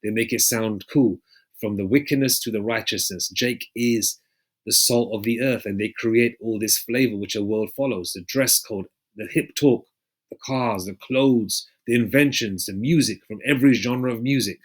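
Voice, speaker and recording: Low-voiced man preaching in rambling style. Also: normal speed. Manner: rambling, constantly checking in with listeners, profane. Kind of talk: casual street-style preaching with scripture readings.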